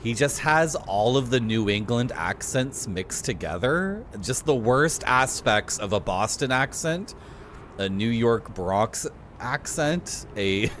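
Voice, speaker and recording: A man giving live commentary while playing a video game, chatty and quick to laugh, with sudden excited outbursts. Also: mid-range voice, slight background noise. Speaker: game streamer. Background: game music.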